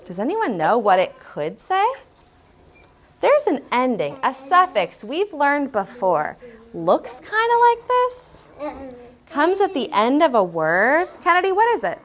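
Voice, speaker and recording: A woman leads a first-grade classroom lesson in a lively, up-and-down voice, drawing out her words. She reads passages slowly with a steady rhythm and praises the children warmly. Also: high voice. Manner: animated, encouraging, reads lines slowly and rhythmically.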